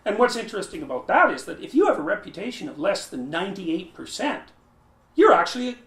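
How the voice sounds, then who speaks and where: A man's voice: high-pitched, big pitch swings, a little fast, a bit bright. A man lecturing who often restarts his phrases, thinks aloud and stresses key words. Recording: roomy echo.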